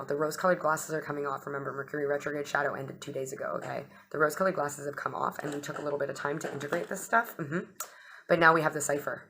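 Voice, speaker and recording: A low-pitched young woman chats through an astrology and tarot reading. She swears freely and acts out little dialogues, with a faint hiss behind her voice. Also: pushed and bright. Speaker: astrology and tarot channel host. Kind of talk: casual chat with tarot reading.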